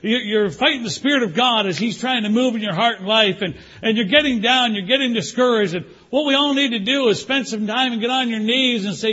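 An older man preaching a sermon as pastor, animated, acting out prayers and pleas in different voices. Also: very high-pitched, a little fast, hardly any pauses, dull audio.

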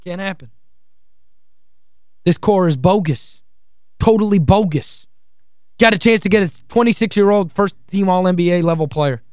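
A man's voice: sits high, normal speed, long pauses, a little mellow, smooth, no room sound. A male sports radio host in a studio, ranting heatedly and with exasperation, hammering his points home by repeating phrases. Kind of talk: call-in sports talk rant.

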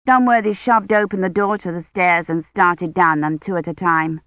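Steady, dry audiobook narrator. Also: medium pitch, no echo. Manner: steady, measured reading. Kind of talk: scripted narration. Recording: slightly muffled dry studio read.

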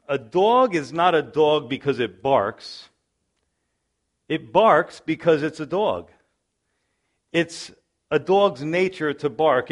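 A man preaching a sermon as pastor, moving between earnest prayer and conversational storytelling. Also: medium pitch.

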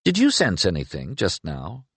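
A man voicing a wry, lively young male sorcerer who talks in a quick, bantering way. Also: low voice, gravelly, husky, dry recording, heavily acted.

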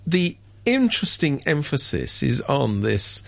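Brief: sardonic male radio commentator, gravelly, lively pitch, dry studio sound. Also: a little slow, no room sound. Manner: wry, sardonic, mimics others with sudden high pitch jumps. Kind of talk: casual radio chat.

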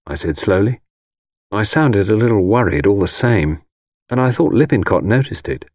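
A man narrating a first-person audiobook in a steady storytelling manner. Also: on the low side, normal speed, dry recording, studio quality.

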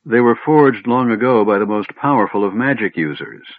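A man reading an audiobook voices a female silver dragon in elf form, speaking in a low, grave and passionate way, on a tinny phone-like recording. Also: lively intonation, normal speed, dry recording. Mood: grave, sorrowful. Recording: tinny phone-like band, dry.

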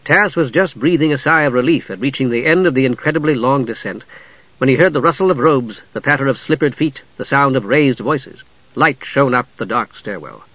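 A man narrating a fantasy audiobook in a measured, expressive storytelling manner, on a dull lo-fi recording. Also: mid-range voice, dry recording. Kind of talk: scripted narration.

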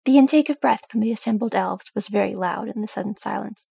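A woman narrating a story as an audiobook reader in an even, unhurried voice. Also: medium pitch, creaky, slightly rough, no room sound.

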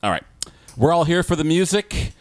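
A man hosting a live-streamed living room music show, chatting in a relaxed way with filler words and restarts. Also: a little high, normal speed, slight background noise. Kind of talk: casual live-stream chat.

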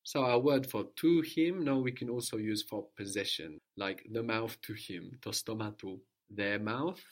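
A man's voice: on the low side, measured pace. A man teaching a language lesson, patiently prompting his student and repeating the answers.

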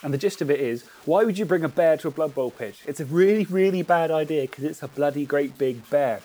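Through poor audio comes a fairly quick, high-leaning male voice. He's a podcast host who also organises tournaments, and in this casual chat he reads out a playful story with relish, animatedly laughing at his own jokes.

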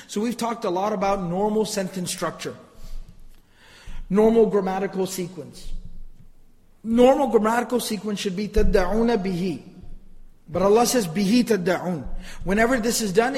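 Man, Quran commentary lecture, high-pitched, animated delivery, Arabic recitation, long hall reverb. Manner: animated, mocks challengers in a taunting voice, recites Arabic verses. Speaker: Quran teacher.

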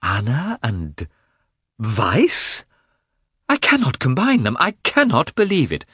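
A man's voice: huge pitch swings, takes it slowly, sharp tone, slightly rough, no echo, studio quality, exaggerated voice. A man voicing a distraught, earnest woman who pleads on behalf of her friend, for an audiobook. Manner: pleading, rising into high cries. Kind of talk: audiobook character voice.

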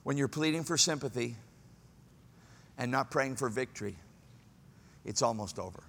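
A man preaching a sermon as pastor, dramatic, swinging from hushed to loud. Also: mid-range voice, normal speed, vocal fry, in a large hall, slight background noise.

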